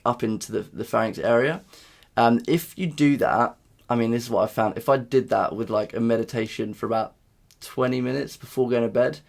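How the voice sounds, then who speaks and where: A man's voice: mid-range voice, vocal fry. A young man talking casually to camera in a vlog, rambling with lots of fillers and restarts. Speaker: vlogger.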